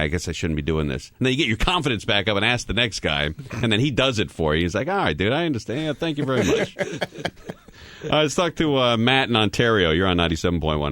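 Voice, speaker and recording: Low-voiced radio host with a dry sound. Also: male voice, fairly bright tone, dry recording. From Southern California. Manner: loose, rambling, drops fillers. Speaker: radio talk show host. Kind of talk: casual radio chat.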